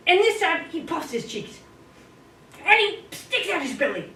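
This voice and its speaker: A woman telling a folk tale to a speaking club with dramatic, playful delivery. Her fairly high voice leaps around with lively swoops. She is picked up from a distance in an echoey room with a faint hiss. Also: normal speed. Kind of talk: animated folk-tale storytelling.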